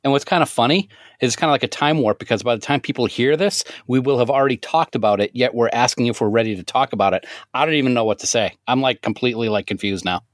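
A man's voice: medium pitch, fast, few pauses, no echo, clean studio sound. A man co-hosting a podcast, self-deprecating and jokey in casual banter. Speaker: podcast co-host.

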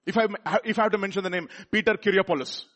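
A man with a Telugu accent preaching a sermon, repeating words and building up to loud rhetorical questions. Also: high voice, racing. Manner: repeats words and restarts phrases.

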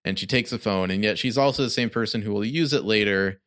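A man's voice: on the low side, fast talker, fairly bright tone. A man co-hosting a podcast, recapping a TV episode in loose, rambling casual chat full of restarts. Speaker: podcast co-host.

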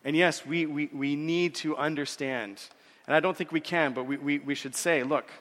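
Earnest preacher, slightly high voice. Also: male voice, steady tone, fairly bright tone, in a large hall. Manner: earnest preaching, repeats words, slows for scripture quotes. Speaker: pastor. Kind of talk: sermon.

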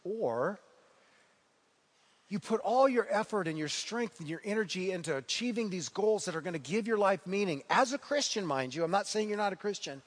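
A man's voice: high voice, animated, moderate pace, big-room sound. A man preaching a sermon as pastor, retelling the story earnestly and repeating key phrases for emphasis.

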